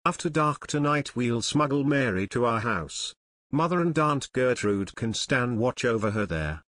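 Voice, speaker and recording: A man's voice: mid-range voice, lively intonation, a little slow, a bit bright, no echo, clean studio sound. A man voicing a level-headed, decisive teenage boy detective in an audiobook. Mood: firm. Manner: firm, decisive.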